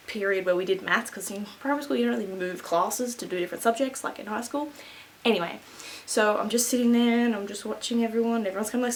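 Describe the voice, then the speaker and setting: A woman's voice: mid-range voice, fairly bright tone. A young woman telling a rambling, chatty story at home, keeping her voice down and laughing between asides. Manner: keeps voice down so as not to wake someone. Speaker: beauty vlogger. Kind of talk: casual storytime.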